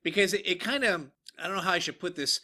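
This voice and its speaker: A man's voice: high voice, quick pace, sharp tone. A man with a Massachusetts accent, co-hosting a podcast and telling stories in a casual, joking, profane way. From Worcester, Massachusetts. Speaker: podcast co-host. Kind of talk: casual chat.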